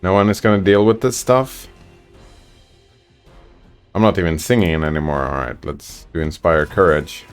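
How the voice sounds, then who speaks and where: A man's voice: deep voice, normal speed, pauses often, clean tone, soft background music. A man streaming a game, chatting casually and reading out viewer messages in a laid-back way. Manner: laid-back, chatty, reads chat aloud. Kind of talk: casual gameplay commentary.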